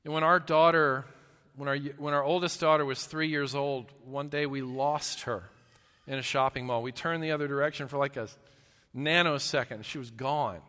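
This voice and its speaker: A man preaching a sermon as a pastor, earnest, often restarting his words and swinging between loud emphasis and hushed, slow lines. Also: mid-range voice, fairly even intonation. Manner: earnest, with repeated restarts and stammers. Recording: long hall reverb.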